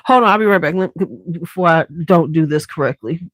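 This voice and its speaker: A woman's voice: on the low side, fairly quick, dry recording. A woman hosting a beauty channel in a casual livestream chat at home. She talks straight to viewers, swears freely, and wears a clip-on mic.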